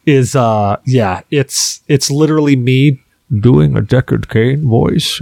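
A male podcast host in loose, joking conversation, his voice at an ordinary middle pitch. The sound is close and dry, with no room around it. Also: slow pace, gravelly, darkish tone, no echo. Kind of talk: casual podcast chat.

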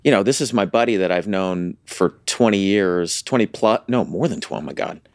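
A man co-hosting a podcast in casual chat, jokey and animated. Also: deep voice, a little fast, no room sound, studio quality. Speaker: podcast co-host.

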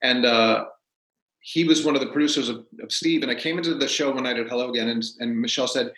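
A man, a stage actor as a guest, telling stories in a casual, animated way and acting out what people said. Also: mid-range voice, fast talker. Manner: animated, acts out quotes. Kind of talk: casual storytelling. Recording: roomy echo.

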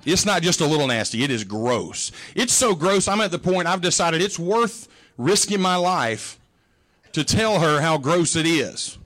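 A man's voice: on the high side, expressive, a little slow, a bit bright. A middle-aged male pastor giving a sermon, telling humorous, folksy stories about his mother.

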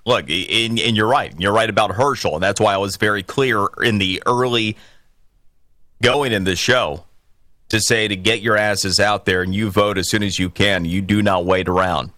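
A man hosting a political call-in radio show, opinionated and emphatic, building to forceful peaks. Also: on the low side, normal speed, no echo, clean studio sound. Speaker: radio talk show host.

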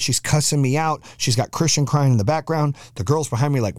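Brief: male host, mid voice, animated and profane storyteller, dry room. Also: mid-range voice, fast talker, few pauses, no echo. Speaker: podcast host. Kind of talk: storytelling monologue.

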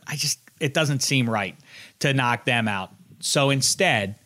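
A man co-hosting a sports talk show, giving opinionated takes that swing from low mutters to emphatic rising rants. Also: animated, measured pace, sharp tone. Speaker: sports podcast co-host.

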